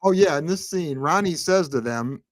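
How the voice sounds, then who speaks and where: A man's voice: fairly high pitch, expressive, moderate pace. A man hosting a casual recap chat, laughing often and reading viewer comments aloud. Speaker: podcast host.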